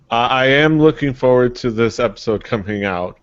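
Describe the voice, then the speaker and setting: A man's voice: mid-range voice, measured pace, hardly any pauses, no echo, highs cut off. A man co-hosting a podcast in casual chat, hesitant and stopping to restart. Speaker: podcast co-host.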